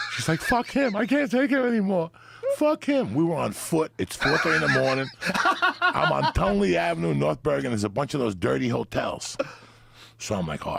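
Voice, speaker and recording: Gravelly low-voiced man telling wild stories. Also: slight background noise. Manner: animated, profane, acts out quoted lines. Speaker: podcast guest. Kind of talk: raunchy storytelling. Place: podcast studio.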